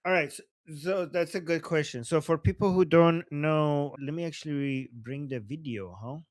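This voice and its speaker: A man's voice: fairly high pitch, moderate pace, no room sound. A man hosting a casual political discussion, answering a caller in a laid-back way. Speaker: host.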